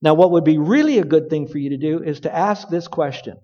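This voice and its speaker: A man preaching a sermon to men, emphatic, slowing down to stress key words. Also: fairly high pitch, mellow. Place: room with stage lights and sound equipment. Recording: dull, lo-fi audio with long hall reverb.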